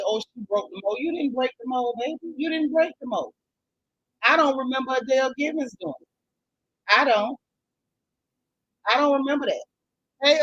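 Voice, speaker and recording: A woman hosts a casual gossip commentary show, sassy and blunt. She reads out chat comments and repeats her points for emphasis. Her voice sits a little on the high side. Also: fairly bright tone, low-quality recording. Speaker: commentary channel host.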